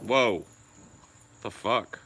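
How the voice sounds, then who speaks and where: A man on a podcast rambles in casual, profane chat, his voice strikingly bright and edgy. He sits a little low in pitch and bursts into loud laughs between thoughts. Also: very slow, a little hiss or hum. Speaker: podcast co-host.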